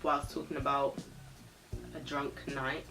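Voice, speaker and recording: A woman's voice: rumbling low, little pitch movement, unhurried. Young woman, casual storyteller, blunt, swears freely, trails off and restarts, faint music behind. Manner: sipping a drink while talking. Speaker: vlogger.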